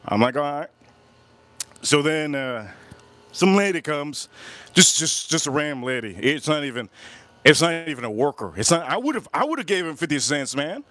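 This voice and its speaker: A man's voice: fairly high pitch, moderate pace, no echo. A man hosting a livestream, telling a long rambling story and repeating himself as he goes. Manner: rambling, repeats himself, animated retelling with quoted voices. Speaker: whiskey channel host. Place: Miami area, USA.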